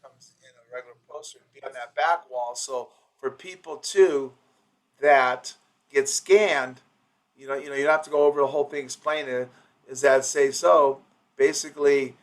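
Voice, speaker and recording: A man's voice: mid-range voice, steady tone, normal speed. A man coaching office staff in an informal training session. He rambles with restarts and acts out patient quotes.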